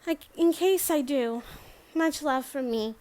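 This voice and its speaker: High-voiced woman reading a novel aloud. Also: unhurried. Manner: expressive, with voiced quotes. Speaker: audiobook reader. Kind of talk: reading a novel aloud as a first-person letter.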